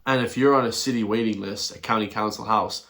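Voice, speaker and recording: A man's voice: lowish voice, steady tone, fairly quick, fairly bright tone. A man doing a blunt, repetitive rant in a video commentary, chuckling between his points. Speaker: online commentator.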